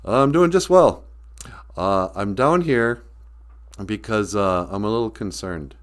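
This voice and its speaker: A man's voice: on the low side, animated, takes it slowly, pitched below the performer's own voice. A man doing an impression of an older former male president, speaking in a hesitant, folksy drawl full of uhs. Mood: conspiratorial.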